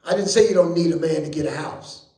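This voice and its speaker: Male preacher, high pitch, folksy call-and-response delivery with bursts of shouting, roomy church echo. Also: fast talker. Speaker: bishop teaching Bible study. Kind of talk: lively preaching to a congregation.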